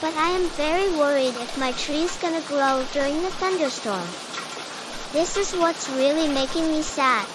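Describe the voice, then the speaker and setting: A woman voicing a cheerful young schoolgirl who is quick to cry, in a homemade cartoon. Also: high-pitched, background noise, natural voice. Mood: upset. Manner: eager, chatty, quick to cry. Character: young schoolgirl, cheerful, fears getting wet.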